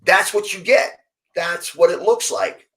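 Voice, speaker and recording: A man's voice: high voice, unhurried, low-quality recording. A middle-aged man, a former fighter, telling stories in a casual interview and acting out the quoted lines of the people in them. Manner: animated storyteller acting out quoted dialogue, many restarts.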